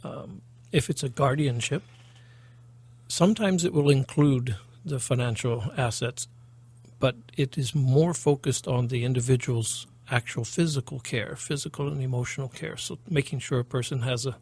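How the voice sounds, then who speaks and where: A man with a low voice, a guest on a radio talk show, explaining things in a measured way. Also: darkish tone, breathy edge. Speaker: guest, caregiving foundation director. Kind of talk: radio interview answers.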